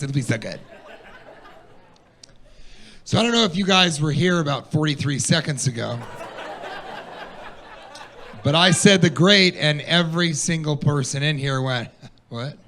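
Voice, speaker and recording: A man doing stand-up comedy on a club stage, telling animated stories and putting on mocking high voices for the people he quotes. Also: moderate pace, pauses often, slight background noise. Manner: animated storytelling, quoting his partner in a mocking high voice.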